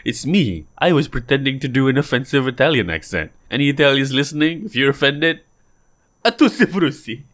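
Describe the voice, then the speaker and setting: A man's voice: medium pitch, lively intonation, quick pace, few pauses, a bit bright. Man, mid-range voice, podcast co-host, comedic banter, joking, laughing. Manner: joking, laughing, loose rants.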